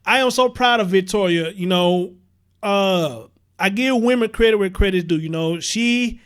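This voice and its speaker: A man hosting a casual livestream, chatting straight to his viewers and greeting them by name. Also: high-pitched. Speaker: livestream host.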